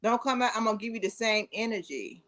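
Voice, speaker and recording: A woman's voice: a little high, expressive, fast talker, fairly bright tone. A woman co-hosting a casual live-stream chat, blunt and straight-talking in slangy speech. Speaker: co-host.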